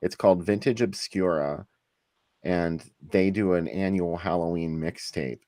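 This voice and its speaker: Low voiced dude hosting a podcast, dry close sound, laid back. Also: male voice, measured pace, dark tone, no echo. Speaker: podcast host. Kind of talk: casual chat.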